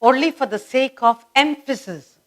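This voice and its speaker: A woman teaching a grammar lesson for children, repeating each word and phrase slowly and deliberately. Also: sits high.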